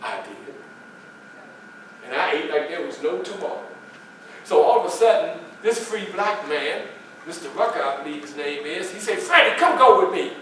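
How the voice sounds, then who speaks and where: A historical reenactor performs a first-person character for a library audience, telling his story in a folksy way, quizzing the crowd and voicing the other people in the tale. His voice is fairly high with lively intonation, a moderate pace and long pauses. A far camera captures the echoey meeting room, with a little hiss or hum.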